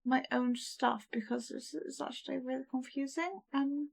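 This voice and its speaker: A woman's voice: high-pitched, steady tone, moderate pace, gravelly, a little mellow, husky. A young adult woman streaming a game, chatting casually and thinking aloud in a flustered, giggly way. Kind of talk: casual live-stream gameplay chat.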